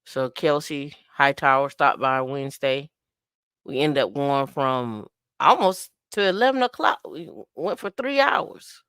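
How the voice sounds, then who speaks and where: A woman with a lowish voice hosts a casual live stream, greeting viewers one by one. Her tone is playful, and she slips into bits of singing and sound effects. The recording is dry and close, her voice smooth and clear. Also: a bit bright, no echo. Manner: playful, sings and imitates dancehall sounds. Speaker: host. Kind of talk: casual livestream chat.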